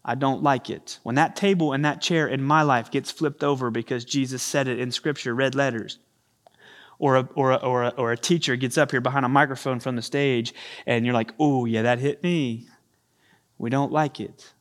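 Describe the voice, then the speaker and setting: Speaking briskly in a mid-range voice, a man preaches on a church stage. He's a pastor using a handheld or stage microphone, and his delivery is animated, with quoted voices acted out.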